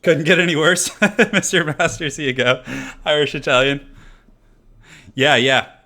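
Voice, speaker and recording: A man's voice: a little high, measured pace, sharp tone. A man casually commenting on his own game during a live stream, thinking aloud, chatting with viewers and laughing often.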